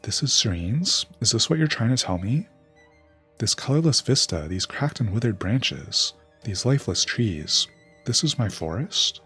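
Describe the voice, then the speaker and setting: A man's voice: medium pitch, big pitch swings, measured pace, fairly bright tone, breathy edge, soft background music, voice pushed up, heavily acted. A man reading out a proud, grieving male heron prince from a game. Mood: distraught.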